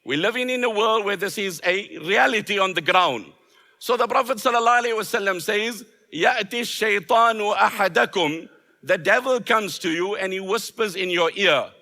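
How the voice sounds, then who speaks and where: A man's voice: high-pitched, animated, fairly quick, sharp tone. A man, an Islamic scholar, delivering an emphatic sermon with rhetorical repetition. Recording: long hall reverb.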